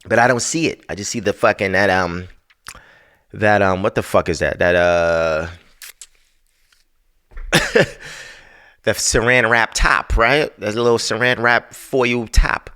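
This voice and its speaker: A man's voice: lowish voice, unhurried, long pauses, bright, forceful tone. A man hosting a podcast, telling a story in a casual, profane, exasperated rant. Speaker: podcast host.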